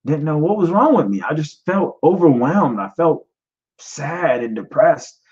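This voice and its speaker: A man in his thirties, a podcast host telling his own story in a personal testimony, emotional and halting, repeating himself and fighting back tears. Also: fairly high pitch, big pitch swings, a little mellow, muffled recording. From United States. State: choked up, near tears. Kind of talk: personal testimony, live stream talk.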